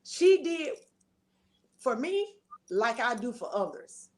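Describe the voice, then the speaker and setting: Middle-aged woman, heartfelt testimony, fairly high voice. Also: takes it slowly. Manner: expressive storytelling, acts out quoted voices, churchy endearments. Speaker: guest. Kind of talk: emotional testimony in an interview.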